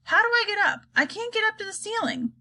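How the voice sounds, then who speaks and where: A woman's voice: extremely high pitch, lively intonation, a little fast, bright, forceful tone, voice pushed up, full character voice. A woman reading aloud and voicing an anxious young boy who pleads and urges others on. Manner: pleading, urgent.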